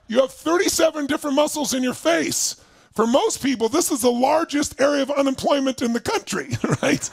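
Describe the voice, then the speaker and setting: A man leading an online seminar as a motivational speaker, energetic and emphatic, firing questions at his audience. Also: very high-pitched, dry recording. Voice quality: gravelly, husky. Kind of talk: live online seminar coaching. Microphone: speaking to camera for remote viewers.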